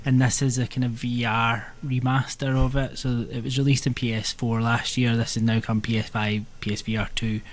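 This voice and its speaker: A man co-hosting a podcast, reviewing a game in an earnest, hesitant way and filling his pauses with "um". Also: medium pitch, flat delivery. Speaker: podcast co-host. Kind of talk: casual chat.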